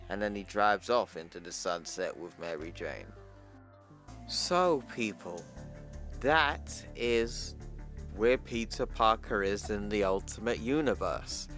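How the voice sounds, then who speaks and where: Low-voiced man recapping a comic story. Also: animated, slow, a bit bright, soft background music. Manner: chatty, addresses viewers as "people", retells dialogue plainly. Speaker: comic book explainer channel host. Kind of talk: casual comic recap narration.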